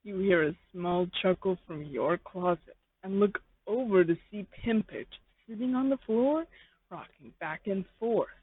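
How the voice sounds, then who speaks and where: A narrator reading a fan fiction story in slow, rambling second-person narration. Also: mid-range voice, slightly rough, dry recording. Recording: tinny phone-like dry sound.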